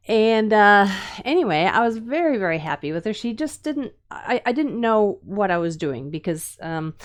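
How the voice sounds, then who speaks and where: Chatty Midwestern woman teaching carving. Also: on the low side. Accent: Upper Midwest American. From Minnesota and Wisconsin. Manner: chatty and rambling, with many fillers and restarts. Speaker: woodcarving teacher. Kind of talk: casual live-stream chat while demonstrating carving.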